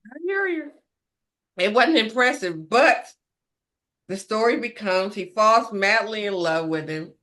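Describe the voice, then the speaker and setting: Bright, playful woman co-host. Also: medium pitch, lively intonation, measured pace. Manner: playful, joking asides. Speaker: ministry podcast co-host. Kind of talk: casual chat.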